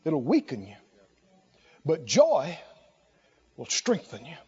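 A man's voice: fairly high pitch, huge pitch swings, slow, a little mellow, breathy edge, dull audio. A man preaching a sermon, emphatic and exclaiming, repeating short phrases for effect.

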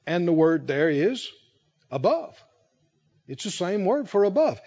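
High-voiced slow preaching man. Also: sing-song, mellow. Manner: emphatic, repeats key phrases slowly, rising with fervor. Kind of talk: sermon. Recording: dull lo-fi recording.

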